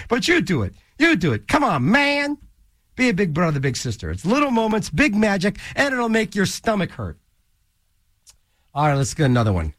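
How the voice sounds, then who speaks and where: A man's voice: high voice, wildly swooping pitch, normal speed, a bit bright, no echo. A man hosting a college radio show, rambling through goofy jokes and asides between songs in a small studio. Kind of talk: casual radio DJ patter. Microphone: studio mic.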